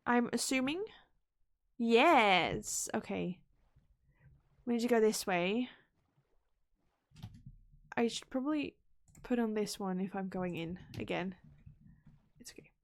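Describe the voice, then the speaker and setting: A woman's voice: medium pitch, animated, takes it slowly, long pauses. Playful woman talking to herself while gaming. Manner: playful, chatty self-talk while playing; repeats words and whispers asides. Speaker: streamer. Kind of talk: live gameplay commentary.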